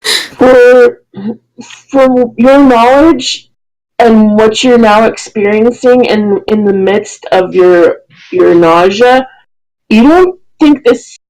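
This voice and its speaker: A dungeon master narrating a tabletop game, often pausing and correcting themselves mid-sentence. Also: medium pitch, darkish tone, poor audio. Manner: halting, self-correcting narration.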